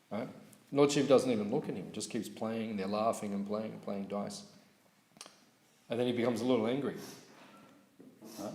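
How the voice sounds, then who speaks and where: A man giving a morning scripture class at a temple, telling stories lively and checking in with his listeners. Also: fairly low pitch, moderate pace, long pauses. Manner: lively storyteller, asks audience questions, laughs. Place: temple hall. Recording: echoey hall recording.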